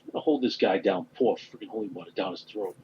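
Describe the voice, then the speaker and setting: A man playing a tabletop game, eager and quick, swearing casually. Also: on the low side, warm tone, highs cut off, slight background noise. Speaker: player.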